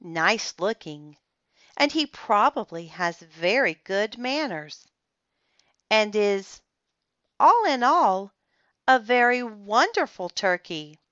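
A woman's voice: medium pitch, sing-song, takes it slowly, bright, forceful tone, no echo, heavily acted. A woman voicing a bossy, dramatic young girl in a children's storybook, speaking in a theatrical, insistent way. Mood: gushing. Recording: slightly dull, muffled recording.

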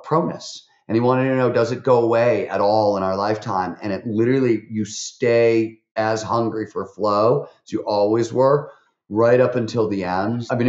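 A man, a podcast guest and author, talking in a lively way, telling stories full of fillers and quoted voices. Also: fairly low pitch, reverberant, highs cut off. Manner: animated, fast-talking, with many fillers and acted quotes. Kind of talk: conversational interview storytelling.

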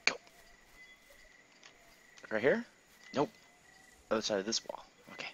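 A man commentating his own gameplay casually, excitable, laughing and swearing often. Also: fairly low pitch, unhurried, muffled recording, slight background noise.

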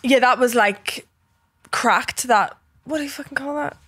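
A woman's voice: sits high, unhurried, fairly bright tone, breathy edge, no room sound, clean studio sound. Candid, swearing woman guest. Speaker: podcast guest, fighter. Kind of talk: casual chat.

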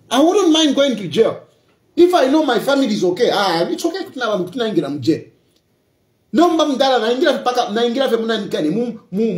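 An opposition politician from Zambia, his voice extremely high-pitched in an echoey room, delivers a passionate political monologue. He is emphatic and repetitive, switching between English and local phrases.

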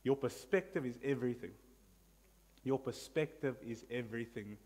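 A man with a South African accent preaching an animated sermon in church, calling out hallelujah and amen. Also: medium pitch, normal speed, slightly rough. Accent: South African English. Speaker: pastor. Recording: long reverb of a church hall.

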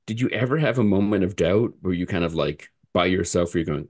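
A man's voice: low-pitched, brisk, darkish tone. A man hosting a podcast, asking his guest questions in a loose conversational way with hesitant asides. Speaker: podcast host. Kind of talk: interview questions.

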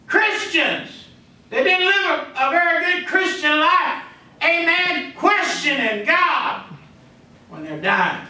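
A man's voice: very high-pitched, lively intonation, takes it slowly, pushed and bright. A man with a Texan accent preaching a folksy sermon as pastor, acting out the voices of the people he talks about. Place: church sanctuary. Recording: echoey church sound from far off.

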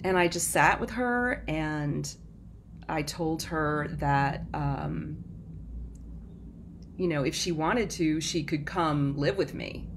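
A woman's voice: low-pitched, slow pace, noisy background. A woman guest on a podcast, telling her story in a rambling, self-interrupting way and laughing often. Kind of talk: casual interview chat.

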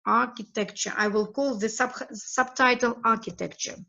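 A woman from Russia, a teacher talking through a screencast tutorial in a halting way that repeats her words as she clicks. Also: a little high, steady tone, vocal fry, sharp tone, muffled recording.

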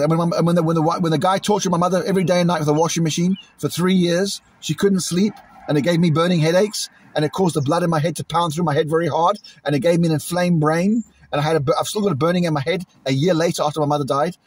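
A British man venting angrily in a vlog, repeating himself and imitating loud bangs, recorded outdoors. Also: on the high side, fairly even intonation, racing, few pauses, husky. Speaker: vlogger. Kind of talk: agitated monologue to camera. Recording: outdoors in a cemetery.

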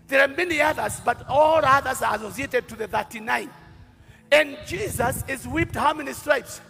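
A high, bright-voiced man with a Kenyan accent delivers a sermon at an unhurried pace. He shifts from quiet storytelling into shouted declarations. It is a live recording in a large hall with long reverb and faint music behind. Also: gravelly. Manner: dramatic preaching that swings from quiet storytelling to shouting. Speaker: bishop.

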